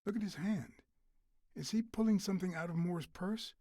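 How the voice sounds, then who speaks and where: A cool, probing male cat detective from a video game, talking in a husky, slightly raised voice. Every line comes calm and measured, weighing each question. The recording is close and dry, with no room sound. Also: high-pitched, no echo.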